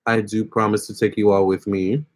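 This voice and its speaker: A man's voice: lowish voice, little pitch movement, fairly quick. A young man hosting a casual phone livestream, chatting with viewers and reading their comments aloud. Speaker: livestream host.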